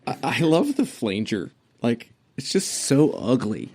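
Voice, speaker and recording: Slow-talking enthusiastic podcast man. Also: medium pitch, huge pitch swings, a little mellow. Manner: enthusiastic, loose, fillers. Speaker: podcast co-host. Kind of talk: casual music chat.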